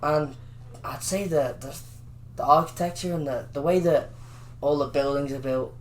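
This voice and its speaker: A man's voice: a little high, moderate pace, slight background noise. A young man from Liverpool with a Scouse accent, a guest chatting casually and rambling with lots of "like". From Liverpool, England. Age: young adult. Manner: rambling, heavy use of "like". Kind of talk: casual interview chat.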